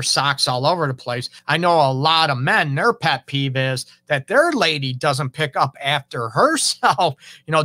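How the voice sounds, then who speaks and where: Guy talking relationships off the cuff, kinda high voice, bright and punchy. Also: no echo. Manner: conversational, acts out quoted partners. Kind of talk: casual monologue.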